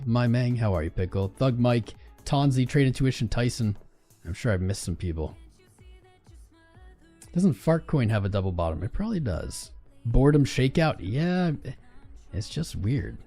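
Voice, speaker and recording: A man's voice: lowish voice, warm tone. A man hosting a casual crypto trading livestream, laid-back and greeting viewers in chat by name.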